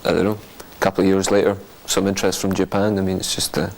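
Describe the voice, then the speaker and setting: A man in a band tells a rambling story in a very deep, gravelly voice. He speaks quickly and flatly, and keeps restarting his sentences. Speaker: band member. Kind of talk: casual interview.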